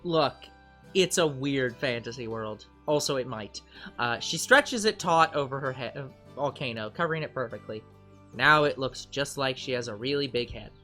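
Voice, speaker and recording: A man's voice: medium pitch, normal speed, faint music behind. A man hosting a game channel, reading a visual novel aloud and joking between lines. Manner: lively, joking, animated laughing outbursts. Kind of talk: let's play narration and banter.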